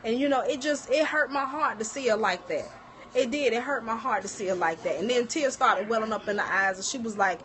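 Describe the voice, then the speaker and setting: A middle-aged woman chats casually on a livestream from her kitchen. She tells stories with energy and keeps turning to her viewers as y'all. Her voice sits fairly high. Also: a little fast. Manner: animated storytelling, addresses viewers as y'all. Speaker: livestream host. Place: home kitchen.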